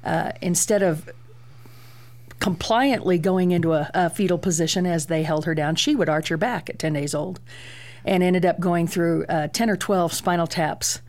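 A middle-aged woman, a guest parent, telling lively stories about raising her daughter on a talk show. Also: on the low side, moderate pace. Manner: lively anecdotal telling with fillers.

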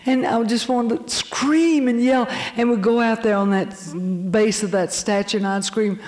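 An older woman telling her church testimony, animated and quick to laugh. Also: on the high side. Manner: animated storytelling, laughing often. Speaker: speaker giving a testimony. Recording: long hall reverb.

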